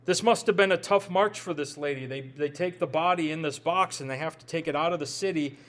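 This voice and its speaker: This pastor has a Midwestern accent and a slightly high, bright voice, and he speaks briskly. His sermon is conversational, with words often repeated as he thinks out loud and joking asides tossed in.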